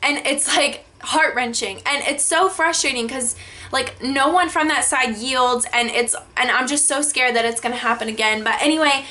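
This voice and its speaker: Bright, high-voiced young woman vlogging. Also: moderate pace. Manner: animated, frequent swearing, many filler likes. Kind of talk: storytime vlog.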